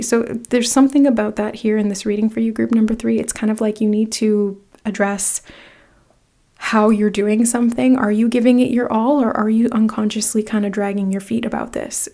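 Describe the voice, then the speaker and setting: A woman's voice: a little high, dark tone. A woman giving a casual pick-a-card tarot reading. She speaks straight to the viewer, rambling with many "like"s and restarts as she encourages them. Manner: direct second-person encouragement.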